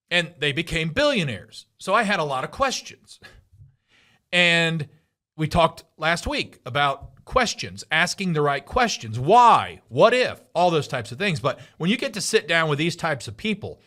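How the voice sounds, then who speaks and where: Bright-voiced motivational male podcast host. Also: fairly high pitch. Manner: emphatic, repetitive. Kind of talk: motivational monologue.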